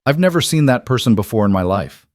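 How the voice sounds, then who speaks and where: Man voicing a frightened young woman, stammering, pleading, higher strained voice, dry close recording. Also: very animated, quick pace, a little mellow, no echo, lightly acted. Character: terrified young woman graduate student, pleading.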